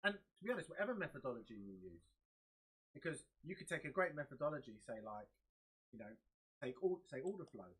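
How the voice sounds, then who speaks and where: A man's voice: on the high side, big pitch swings, quick pace, fairly bright tone, breathy edge, low-quality recording. A man coaching traders on a live stream, explaining patiently through examples. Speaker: trading coach. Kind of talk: live-stream trading talk.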